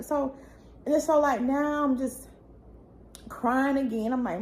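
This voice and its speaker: A woman's voice: sits high, takes it slowly, pauses often, slight background noise. A young woman, telling her own painful family story in a raw, tearful, pleading way that rises when she gets upset. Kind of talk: emotional personal storytelling.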